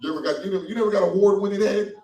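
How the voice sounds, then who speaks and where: A man performing a stand-up comedy set in a small cafe, animated and loose, acting out quoted voices. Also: sits high, racing. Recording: echoey room from far off.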